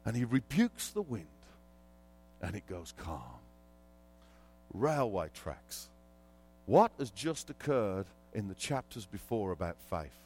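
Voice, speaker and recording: Lively male pastor preaching. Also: on the low side, slow pace, long pauses, faint music behind. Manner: animated storytelling, quizzes the congregation. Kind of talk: sermon.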